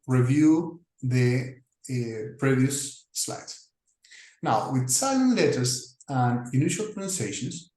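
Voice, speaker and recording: A man lectures through his slides in a slow, measured way, stopping often with small fillers as he explains. His voice sits in a middle range and carries a noticeable room echo. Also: medium pitch, a little mellow. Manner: deliberate, with frequent pauses and fillers. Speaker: English teacher. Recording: echoey room.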